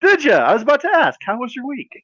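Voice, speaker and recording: A man's voice: extremely high pitch, huge pitch swings, fast talker, a bit bright, no echo, muffled recording. A man co-hosting a podcast, chatting in easygoing, upbeat banter. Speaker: podcast co-host. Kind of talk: casual chat.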